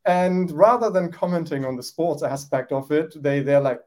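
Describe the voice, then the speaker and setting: A man's voice: on the high side, moderate pace, darkish tone. A man co-hosting a political chat show, talking reflectively and rambling with restarts. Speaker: podcast co-host.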